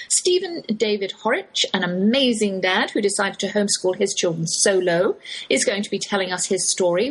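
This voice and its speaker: Middle-aged English woman, cheerful talk-radio host, slightly breathy. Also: medium pitch, fairly bright tone, rough recording. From West Germany. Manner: cheerful, chatty, faith-inflected. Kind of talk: chatty scripted radio monologue.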